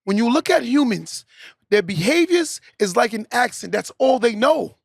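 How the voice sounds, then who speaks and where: A man's voice: extremely high pitch, big pitch swings, normal speed, gravelly, no echo, clean studio sound. A young man hosting a podcast, delivering a preachy motivational monologue and tagging points with "right?". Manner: preachy, repeats "right?" as a tag. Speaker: podcast host.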